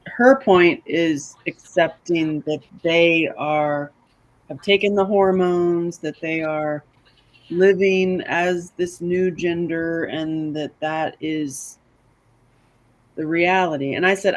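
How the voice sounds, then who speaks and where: A woman co-hosting a casual podcast chat, telling stories in an animated way and often laughing. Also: on the low side, slow, highs cut off. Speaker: podcast co-host.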